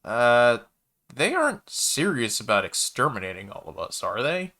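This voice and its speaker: A man's voice: mid-range voice, sing-song, normal speed, pushed and bright. A man voicing a shy, curt young male desert scavenger who speaks in few nervous words.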